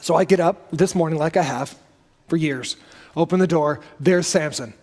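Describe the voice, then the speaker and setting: A man's voice: a little high, moderate pace, a little mellow. A man, a pastor, preaching a sermon in a loose, conversational storytelling way, with asides and self-corrections. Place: church sanctuary. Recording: long reverb of a church hall.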